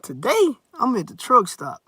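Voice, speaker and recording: A man telling a story in a loose, rambling vlog style, often repeating words and clearing his throat. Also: extremely high pitch, huge pitch swings, normal speed, pushed and bright, no echo.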